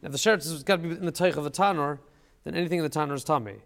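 A man's voice: on the high side, rapid-fire, creaky, a bit bright, big-room sound. A man teaching a casual study session, thinking aloud and asking questions, with Hebrew terms mixed into his English.

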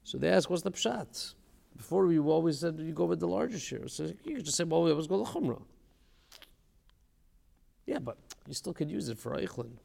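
A man's voice: a little high, very animated, fairly quick, gravelly, pauses often, mellow, big-room sound. A man teaching a casual study session, thinking aloud and asking questions, with Hebrew terms mixed into his English.

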